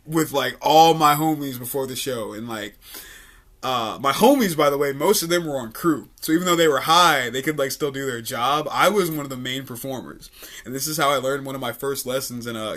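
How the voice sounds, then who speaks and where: A man's voice: mid-range voice, moderate pace, a bit bright. A man in his twenties hosting a podcast, telling a story in laid-back casual chat, swearing freely and laughing often. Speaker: podcast host.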